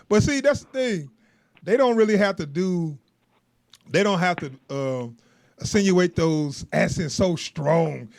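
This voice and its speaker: A man's voice: high voice, animated, unhurried, gravelly. A young man co-hosting a podcast in casual chat, laughing often and rambling in loose slang. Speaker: podcast co-host.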